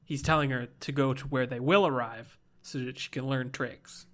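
Low, bright-voiced joking woman. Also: fairly even intonation. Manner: quick jokey interjections. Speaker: podcast co-host. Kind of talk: casual chat.

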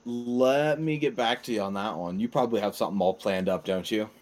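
A man co-hosting a casual podcast, answering in a dry, measured and sceptical way. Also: on the low side, a little mellow. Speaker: podcast co-host.

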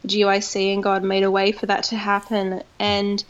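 A woman guest from Australia, a singer telling her story in an interview, animated and laughing often. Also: mid-range voice, normal speed, smooth, highs cut off. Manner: animated, laughs often, acts out quoted voices.

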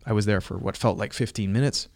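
Speaking slowly in a somewhat low voice with some vocal fry, a man recounts a personal experience in a relaxed, casual storytelling chat. He's reflective, pausing and restarting as he searches for words and leaning on frequent fillers. The recording is dry and close, with no echo and little room behind it.

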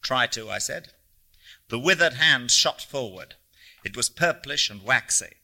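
A man narrating a literary audiobook in a measured, descriptive reading. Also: mid-range voice, expressive, gravelly, pushed and bright.

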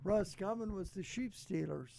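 A man hosting a radio show, chatting casually with a co-host and reading an ad, halting with restarts. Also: sits high, gravelly, dark tone. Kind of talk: casual radio chat and read ad. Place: radio studio.

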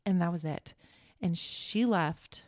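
A woman telling a painful personal story in a halting, emotional way as a podcast guest. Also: lowish voice, darkish tone, no room sound, clean studio sound. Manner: halting, emotional, reliving the moment. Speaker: guest sharing her story.

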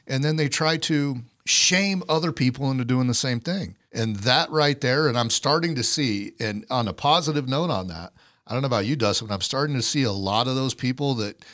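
A man's voice: medium pitch, fairly bright tone, dry recording. Male podcast co-host, blunt and profane ranter, dry close sound. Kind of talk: casual podcast chat.

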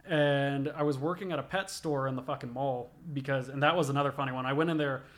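A young body piercer tells stories casually in an interview, rambling, swearing a lot, and filling gaps with "like." His mid-range voice is steady and fairly bright, and he talks at a quick pace.

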